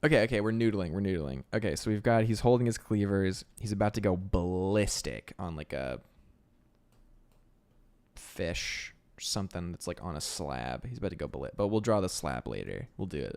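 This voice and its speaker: A man's voice: lowish voice, darkish tone. A man chatting casually while he sketches on a live stream, rambling and amused by his own jokes. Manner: rambling, self-amused, thinking aloud. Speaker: illustrator livestreaming sketches.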